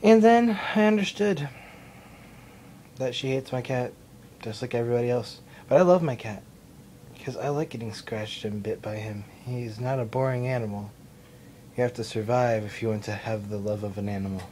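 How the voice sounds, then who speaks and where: A young man with a medium-pitched, dark voice talks fairly quickly in a mostly even tone, rambling and swearing in a casual, self-mocking way. He's filming a casual vlog indoors at his mom's house on a self-recorded camera mic, with slight background noise.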